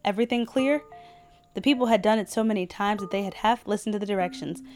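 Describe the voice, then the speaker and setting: A woman podcast host reads a short story aloud with steady, measured storytelling. Her voice sits at a middle pitch. Faint music plays in the background.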